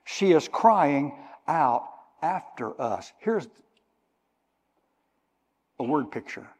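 An older male preacher delivers a sermon with emphatic, drawn-out phrasing, unpacking Greek words as he goes. His voice sits a little high for a man and carries the long reverb of a church sanctuary. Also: sing-song, a little mellow.

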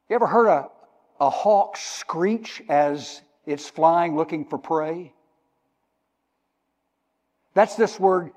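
A man's voice: sits high, slow pace, long pauses, darkish tone. An older man preaching a sermon in a church, emphatically explaining Greek words. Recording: long reverb of a hall.

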